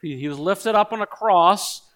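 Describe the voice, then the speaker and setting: Male preacher, high-pitched voice, earnest sermon delivery that builds to insistent repetition. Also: moderate pace, fairly bright tone. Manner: earnest, builds to emphatic repeated appeals.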